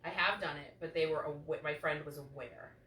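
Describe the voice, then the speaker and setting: A woman's voice: sits low, a little fast, pushed and bright. A woman co-hosting a casual chat show, laughing often and swearing freely. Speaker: podcast co-host. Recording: echoey room from far off, faint noise.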